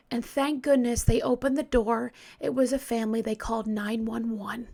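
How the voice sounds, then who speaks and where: A woman telling a true crime story in a casual, hesitant way, often dropping into a hushed whisper. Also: a little high.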